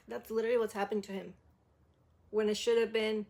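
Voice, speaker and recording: A woman's voice: on the high side, steady tone, fast, a little mellow. A woman reacting to a vocal cover, casually critiquing the singing and often singing lines herself to show how they should sound. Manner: demonstrates by singing lines, filler-heavy "like". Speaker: music reaction host.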